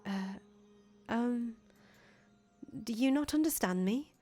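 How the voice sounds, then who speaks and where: A woman's voice: fairly high pitch, expressive, slow, warm tone, soft background music. A woman voicing a flustered, friendly young traveler. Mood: earnest. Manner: chatty, easily flustered, stammers when nervous. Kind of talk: fan voice acting of a visual novel.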